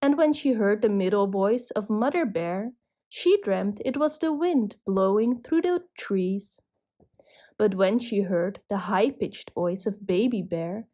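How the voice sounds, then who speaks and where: Slow, gentle woman storyteller. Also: mid-range voice, animated, highs cut off. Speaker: narrator. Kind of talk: storybook narration for children.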